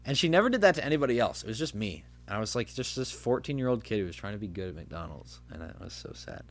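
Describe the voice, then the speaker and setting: Young man, low voice, casual podcast chat, rambling, filler-heavy storytelling. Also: big pitch swings, quick pace. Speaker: podcast host.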